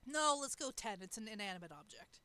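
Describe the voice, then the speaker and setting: Game master, woman, bright and a touch high, calm scene-setting narrator. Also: clear, resonant tone. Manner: descriptive, measured narration.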